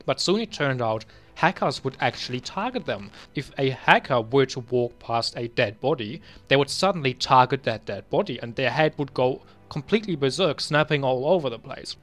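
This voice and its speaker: A man's voice: mid-range voice, animated, normal speed, few pauses, faint music behind. Young man in casual screen commentary. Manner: chatty, muttering asides, bursts into loud exasperated ranting. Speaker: video creator reviewing his old game bans.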